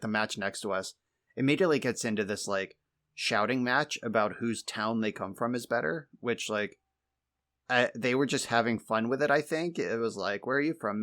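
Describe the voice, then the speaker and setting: A man's voice: fairly low pitch, fairly bright tone. A man co-hosting a podcast, telling exasperated, wry stories in casual chat and swearing freely. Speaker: podcast co-host.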